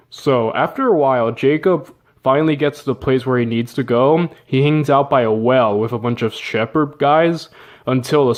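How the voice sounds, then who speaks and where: A man casually retelling an old story with jokes, slang and asides. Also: mid-range voice. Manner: joking, slangy, with fillers and laughs. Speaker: narrator.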